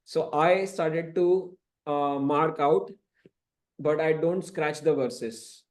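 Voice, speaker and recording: A man's voice: a little high, slow, a little mellow. A man teaching a scripture class, explaining at length with frequent "you know" asides. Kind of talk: lecturing to a class. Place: temple classroom.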